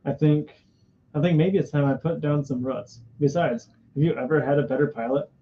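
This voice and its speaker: Smug cocky pilot guy, read by a man, kinda high voice, muffled stream sound. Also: normal speed, slight background noise, close to an everyday voice. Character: smug cocky male test pilot hero. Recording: dull lo-fi stream audio.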